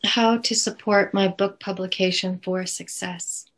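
A woman's voice: medium pitch, fairly even intonation, measured pace. A woman being given a tarot reading, answering questions with brief, hesitant replies. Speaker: tarot client.

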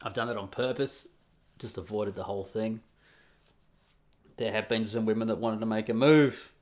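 A man's voice: fairly low pitch, normal speed, darkish tone. A middle-aged Australian man hosting a podcast, talking candidly in a rambling, casual way with restarts and swearing. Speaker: podcast host. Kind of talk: casual solo podcast monologue.

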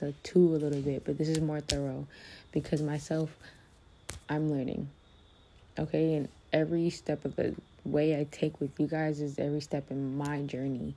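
A woman's voice: low-pitched, mellow, slightly rough. A young adult woman hosting a podcast, talking candidly and profanely to her listeners, calling them her loves. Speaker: podcast host. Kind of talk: casual motivational monologue.

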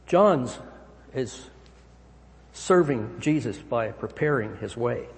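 A man preaching a sermon as pastor, emphatic, swinging his pitch and volume. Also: animated, takes it slowly. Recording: long hall reverb.

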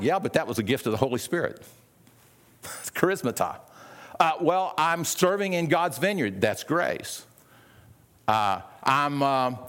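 A male pastor preaching a sermon in a conversational way, often repeating words and acting out quoted voices. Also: medium pitch.

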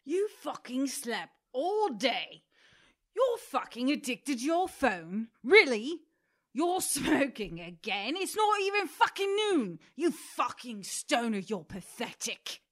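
A woman doing an impression of a foul-mouthed male celebrity chef, shouting insults in a slow, drawn-out way. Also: high voice, sing-song, voice pushed up, full character voice. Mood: berating.

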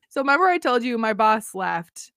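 Woman in her thirties, podcast co-host, casual chat, laughs a lot, higher voice, dry close sound. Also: very animated, unhurried, pushed and bright, dry recording. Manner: laughs often, self-mocking.

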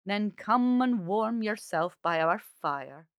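A woman voicing a kind, gentle old man who embodies a winter month in a storybook. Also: mid-range voice, lively intonation, clean tone, dry recording, clean studio sound. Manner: gentle, slow, caring.

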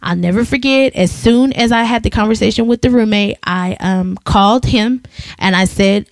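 A woman's voice: mid-range voice, moderate pace. A woman co-host chats casually and tells a story with energy, acting out the voices of the people in it. Her voice sounds close and dry, with no room echo. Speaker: podcast co-host. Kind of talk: casual chat.

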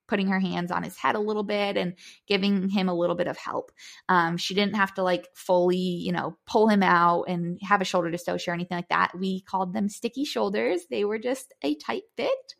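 A young woman hosting a podcast, chatting through a personal story with lots of fillers and animated retelling. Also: on the low side, creaky. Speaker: podcast host.

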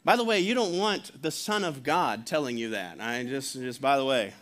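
A man's voice: medium pitch, lively intonation, normal speed, a bit bright. A man preaching a sermon as pastor in a conversational way, chuckling often and acting out quotes.

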